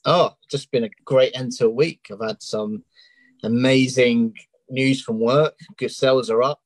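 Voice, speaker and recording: A man from England with a London accent speaks candidly in a casual interview and often pauses on "um." His voice sits low to mid in pitch, and the sound is dry and close, with little room behind it. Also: fairly even intonation, no room sound, poor audio. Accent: London English. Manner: open and candid, with many ums. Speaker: coaching client guest. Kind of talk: casual interview on a live stream.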